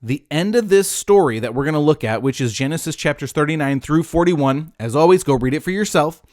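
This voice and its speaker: A man's voice: a little high, a little fast, dry recording, clean studio sound. A man hosting a podcast, retelling a Bible story in a casual, jokey way and breaking off into asides. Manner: animated, jokey, self-interrupting. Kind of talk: casual retelling with acted voices.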